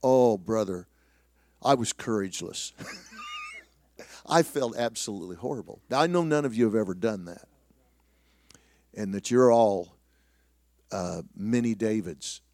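A middle-aged man preaching, telling a personal story in a self-deprecating way with many restarts, sometimes dropping to a hushed voice. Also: lowish voice, wildly swooping pitch, unhurried, long pauses, no echo. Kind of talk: sermon storytelling.

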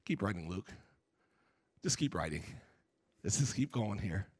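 A proud old apostle, a onetime zealot, pressing his credentials with insistence, as a man voices him. The voice sits high and swings widely in pitch, with no room echo around it. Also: expressive, normal speed, a bit bright. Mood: calm, hushed. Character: older male apostle, proud former zealot.

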